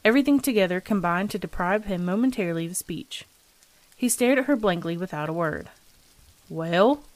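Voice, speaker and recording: A woman reading a ghost story aloud in a measured, even storytelling voice. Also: on the low side, no room sound. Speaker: story reader.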